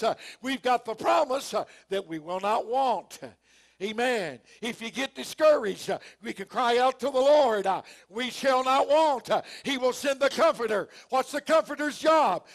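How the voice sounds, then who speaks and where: A pastor delivering a fervent sermon in a very high, gravelly man's voice. He swings into shouts and fills the gaps with steady "uh, amen" interjections, all in a folksy, homespun manner. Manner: preaching with frequent shouted lines and "uh, amen" fillers.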